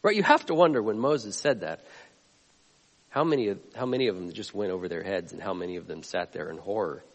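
A man preaching a sermon as a pastor, earnest, swinging between loud emphatic lines and quiet ones. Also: low-pitched, expressive, a little fast, big-room sound.

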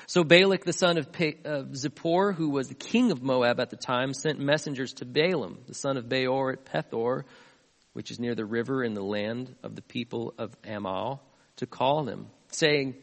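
A man pastor delivering a sermon, retelling a scripture story in an animated way, with asides to the congregation. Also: mid-range voice, moderate pace. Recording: long hall reverb.

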